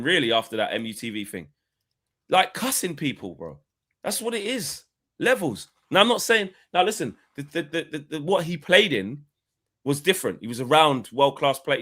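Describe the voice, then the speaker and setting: This football podcast co-host has a slightly high, somewhat bright voice. Chatting casually on a live show, he curses freely and mimics players' rants.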